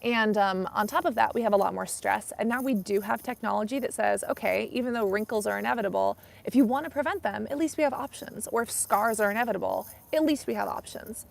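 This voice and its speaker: Chatty young woman with a gravelly edge. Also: medium pitch, fast, few pauses. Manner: chatty, rambling, frequent "like" and "you know". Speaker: skincare YouTuber hosting a live stream. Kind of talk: casual live-stream chat.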